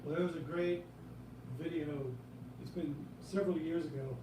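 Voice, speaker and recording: A man on a live stream telling a lively story, swearing freely and acting out the people in it. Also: a little high, moderate pace. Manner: animated anecdote teller, profane, acts out quoted voices. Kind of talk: casual storytelling. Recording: roomy, faint background noise.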